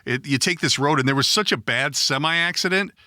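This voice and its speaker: Middle-aged guy rambling through a story on his podcast, swears a lot, real bright voice, dry close sound. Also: fairly high pitch, a little fast, no echo. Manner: rambling, profane, self-deprecating storyteller. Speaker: podcast host. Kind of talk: casual storytelling chat.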